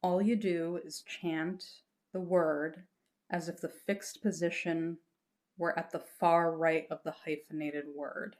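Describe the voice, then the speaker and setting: A woman's voice: on the low side, level tone, takes it slowly. A woman teaching a lesson patiently, explaining step by step and reassuring her students, breaking into short chanted examples.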